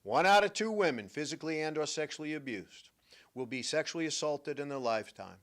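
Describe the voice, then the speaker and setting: Older New man, talk-show host, punchy storytelling that drops quiet then booms. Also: lively intonation, fairly quick. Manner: emphatic storytelling, swings from hushed to loud. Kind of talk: radio-style talk monologue.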